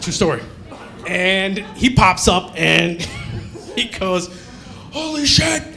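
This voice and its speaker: A male stand-up comedian telling a story on a comedy club stage in an animated way, acting out the characters. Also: high voice, slow pace, creaky.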